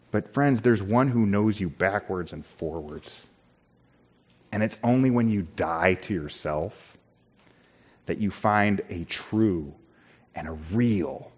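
Male pastor, unhurried sermon delivery, muffled lo-fi sound. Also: on the low side, breathy edge. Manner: slow, emphatic preaching with repeated phrases. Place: church.

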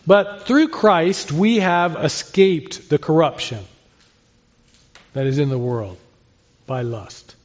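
A man preaches slowly and pauses often, his pitch fairly high. His expository sermon is earnest and conversational, built on rhetorical questions and answers, heard through a slightly dull, lo-fi recording.

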